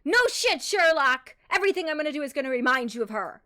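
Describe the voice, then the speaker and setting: A woman streamer voicing a blunt, exasperated young woman character who rants fast and swears. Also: expressive, a bit bright. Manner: rapid, higher, swearing rants.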